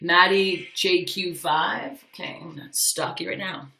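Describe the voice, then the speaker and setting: A woman's voice: fairly low pitch, steady tone, unhurried, vocal fry, pushed and bright, distant mic. A young woman telling a personal story on a live stream, candid and profane, chatting with viewers. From Canada. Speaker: livestream host. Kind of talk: casual storytelling. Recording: echoey room, off mic, faint music.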